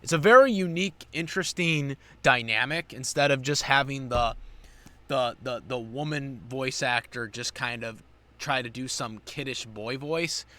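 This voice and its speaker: A man's voice: medium pitch, normal speed, pushed and bright. A man giving a casual spoken recap of an anime episode, rambling with many fillers and restarts. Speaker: anime reviewer.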